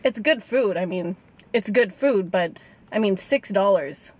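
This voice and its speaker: A woman's voice: mid-range voice, animated, a little slow, a little mellow. A young woman venting indignantly and profanely to her camera from inside a car, exasperated and swearing freely. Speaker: vlogger. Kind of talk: casual rant to camera. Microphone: handheld camera.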